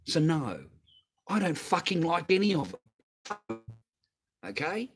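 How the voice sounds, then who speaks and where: A man's voice: mid-range voice, lively intonation, fairly quick, breathy edge. An Australian man on a livestream, ranting heatedly and swearing constantly, repeating himself as he answers a viewer. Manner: profane, heated, repetitive. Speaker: livestream host.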